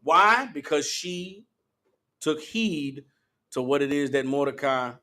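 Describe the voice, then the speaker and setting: Guy teaching a bible lesson, high voice, blunt and cussing, keeps checking if y'all follow. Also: animated, slow pace, bright, forceful tone. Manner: emphatic, profane, questioning. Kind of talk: call-and-response scripture teaching.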